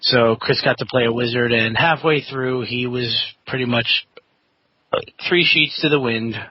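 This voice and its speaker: A man's voice: medium pitch, a little slow, dry recording. Rambling man telling a story, lo-fi. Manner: rambling storyteller, acts out quoted voices. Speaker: podcast co-host, game master. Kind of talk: casual chat. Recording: dull lo-fi audio.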